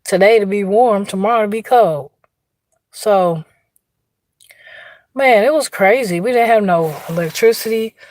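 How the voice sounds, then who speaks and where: A woman's voice: mid-range voice, unhurried, long pauses, darkish tone, no room sound. A woman with an Indiana accent telling a story casually on an outdoor livestream, chatty, laughing and greeting viewers by name. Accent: Indiana, US Midwest. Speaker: livestream host.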